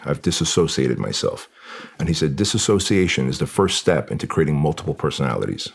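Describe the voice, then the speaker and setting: Deep-voiced man telling a painful story. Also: vocal fry, husky. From Armenia. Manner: earnest, conversational, raw and confessional. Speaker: podcast guest. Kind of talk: emotional personal storytelling.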